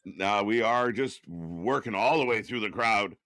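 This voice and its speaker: A man co-hosting a live wrestling watch-along, chatty and quick to laugh, firing off questions. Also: fairly low pitch, bright, forceful tone, dry recording, clean studio sound. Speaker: co-host.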